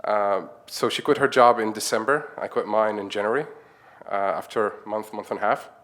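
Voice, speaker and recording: A man with a low voice talks through a conference presentation as a run of anecdotes. He is chatty and laughs easily, and he slips into the voices of the people he quotes. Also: brisk, fairly bright tone, slight background noise. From Egypt. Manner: chatty, acts out quoted dialogue, chuckles often. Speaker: conference speaker, nonprofit founder. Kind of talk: conference talk, anecdotal storytelling.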